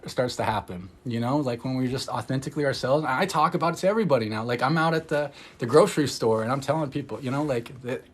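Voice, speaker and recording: A man, an energy healer, talking in a casual, rambling livestream chat, candid and excitable, swearing freely and laughing often. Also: mid-range voice, slightly rough. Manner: loose rambling talk full of "like". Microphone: phone livestream.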